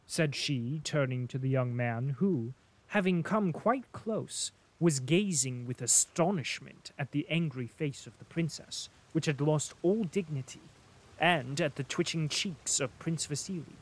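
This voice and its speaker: A man narrating a classic novel as an audiobook in a measured, even reading. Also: medium pitch, low-quality recording.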